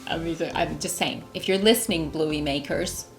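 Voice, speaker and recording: Bubbly Australian woman, gravelly, echoey. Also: deep voice, moderate pace. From Melbourne, Australia. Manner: bubbly, enthusiastic, encouraging. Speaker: podcast host. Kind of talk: casual chat with a child guest. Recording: echoey room with music behind.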